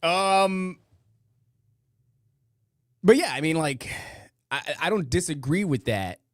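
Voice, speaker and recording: Sarcastic podcast host, dry close sound. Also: male voice, a little high, big pitch swings, normal speed, no echo. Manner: sarcastic, mocking, rambling asides. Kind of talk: casual commentary over clips.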